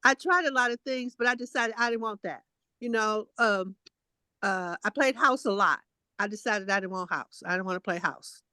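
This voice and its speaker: A woman co-hosting a casual chat, telling childhood stories in a talkative way with animated quotes. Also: medium pitch, normal speed, no room sound. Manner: chatty storytelling, animated quoting. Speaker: co-host.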